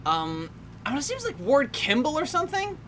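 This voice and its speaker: A woman's voice: high voice, wildly swooping pitch, a little fast. A young woman giving casual, wry commentary over a film, laughing often and trailing off mid-sentence. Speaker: commentary host. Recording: faint background noise.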